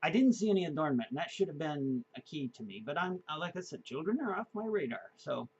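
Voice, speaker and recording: Chatty fifties man, slightly high voice. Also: big pitch swings, fast, husky, muffled recording. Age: 50s. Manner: chatty, rambling with frequent fillers and chuckles. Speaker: vlogger. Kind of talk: casual storytelling.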